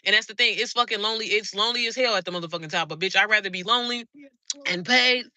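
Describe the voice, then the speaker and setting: Speaking very fast at a medium pitch, a woman online business coach addresses viewers on a live stream. Her tone is bright and forceful, and she's fired up, blunt and heavily profane. There's no echo.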